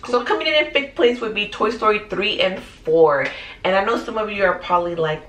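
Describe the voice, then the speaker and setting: A woman in her thirties chatting casually through a movie countdown, animated and full of fillers. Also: medium pitch, normal speed. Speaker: movie vlogger. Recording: roomy echoey room.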